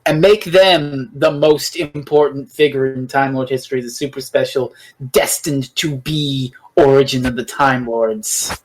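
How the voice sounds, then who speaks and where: A man with a slightly husky voice co-hosts a casual review podcast. His pitch is middling. He speaks bluntly and with exasperation, swearing as he goes. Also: fairly even intonation, measured pace, low-quality recording. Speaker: podcast co-host. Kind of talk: casual chat, episode review.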